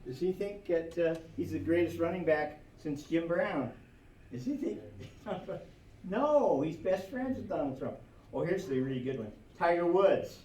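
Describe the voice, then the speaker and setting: A man lectures a history class in an animated way, tossing out rhetorical questions and little laughs. His voice sits a bit high. The recording comes from far across a reverberant classroom with a faint hiss beneath it. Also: a little slow. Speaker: history teacher.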